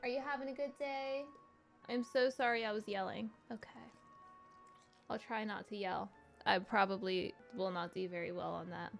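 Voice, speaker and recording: A young woman streaming a video game, excitable, yelping and swearing as she plays. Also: medium pitch, normal speed, gravelly, soft background music. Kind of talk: live gameplay commentary.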